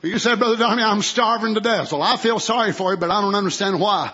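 A male pastor, preaching a sermon and swinging from soft, drawn-out lines to fervent shouting. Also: high-pitched, muffled recording.

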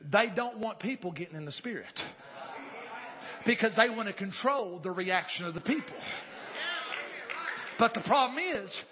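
A man preaching a sermon, swinging from calm, folksy talk to hollered exclamations. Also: high voice, normal speed, long pauses. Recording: dull lo-fi church recording with faint congregation.

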